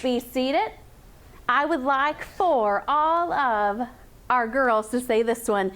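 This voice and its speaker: Bright-voiced woman teacher drilling phonics. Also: sits high, slow, background noise. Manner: upbeat, drills sounds in call-and-response chants. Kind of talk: classroom phonics lesson.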